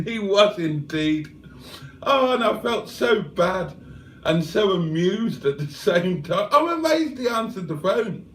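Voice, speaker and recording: A man hosts a casual livestream and reads chat messages aloud, chuckling as he goes. He speaks slowly in a slightly raised voice. His voice rings around an echoey room. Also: sits high, sing-song, a bit bright, a little hiss or hum. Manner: chuckling often, chatty and self-deprecating. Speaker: livestream host reading viewer chat.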